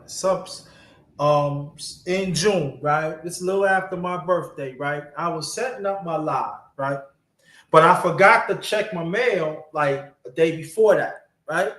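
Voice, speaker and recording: A man with a fairly high voice tells a personal story on a podcast, getting animated and cursing freely as he goes. The sound is roomy, with a clear echo around him. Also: unhurried.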